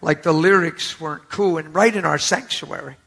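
Husky, bright-voiced male preacher telling a story. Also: a little high, normal speed. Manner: animated, acts out quoted voices. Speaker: pastor. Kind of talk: storytelling sermon. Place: church before a live congregation.

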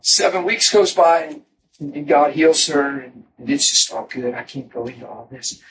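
A man with a high voice preaches his own testimony, telling the story with animation and breaking into laughs and shouts. He sounds set back from the microphone, and clear room noise sits under his voice. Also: normal speed. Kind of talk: testimony sermon. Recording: distant mic with noisy room ambience.

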